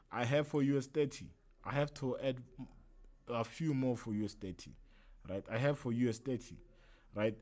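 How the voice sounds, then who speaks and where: A man with a mid-range, slightly mellow voice teaches a trading lesson on a livestream. He talks in a loose, chatty way, tosses in slangy asides, and keeps checking in with "right?".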